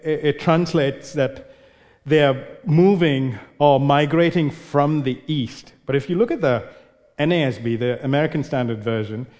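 A man's voice: fairly high pitch, a little mellow, big-room sound. A male preacher giving an expository sermon, explaining and posing rhetorical questions.

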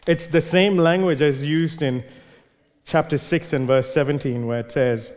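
A male pastor preaching in a sermon, pressing each point by repeating his words. His voice sits a little on the high side for a man, and it rings out with the long reverb of a large hall. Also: measured pace, a little mellow. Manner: emphatic, repeats words for stress.

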